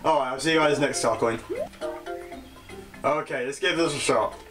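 A young man with a British accent talks his way through a video game in a loose, self-mocking style. His pitch sits mid-range, and lively game music plays clearly behind him. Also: normal speed. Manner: chatty and self-mocking, laughs at his own mistakes. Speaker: gaming channel host. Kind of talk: casual let's-play commentary.

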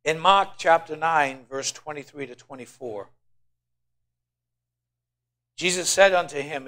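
Preacher guy, slightly high voice, goes quiet then booms, gets the church to say it back. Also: unhurried, pauses often. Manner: preaching with call-and-response, swinging from soft asides to loud emphasis. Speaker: pastor. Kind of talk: sermon.

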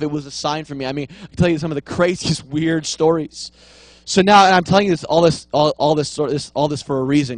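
A man in his thirties preaches a sermon built around a long anecdote, restarting often and leaning on fillers. His voice is fairly high, and the recording is dry.

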